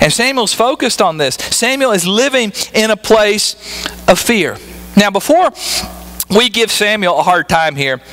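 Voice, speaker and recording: A man's voice: high voice, a bit bright, low-quality recording. A male pastor preaching a sermon in a conversational way, often asking the congregation rhetorical questions like "right?" and "okay?".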